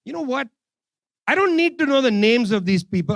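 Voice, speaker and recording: Brief: male speaker, high voice, fiery sarcastic rally speech, dry close sound. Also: very animated, a little fast, vocal fry, dry recording. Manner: sarcastic, repeats phrases for emphasis. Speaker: speaker at a political forum. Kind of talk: impassioned public speech. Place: forum event hall.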